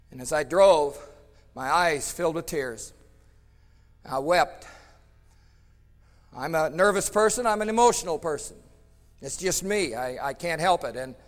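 A man preaching a storytelling sermon, swinging between loud emphatic bursts and hushed tones. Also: a little high, in a large hall.

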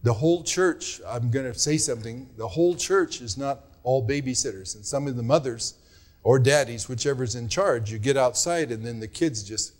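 A man preaching a sermon as pastor, earnest and admonishing, leaning hard on his key words. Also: mid-range voice. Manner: earnest, admonishing, drawn-out emphasis.

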